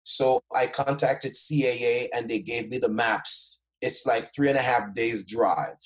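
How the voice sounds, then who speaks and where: A man from Jamaica, speaking as a guest in an interview, tells his story in a lively, emphatic way. His voice sits in a middle range for a man, and he keeps drawing the listener in with quick rhetorical checks. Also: medium pitch, rough recording. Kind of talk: personal storytelling in conversation.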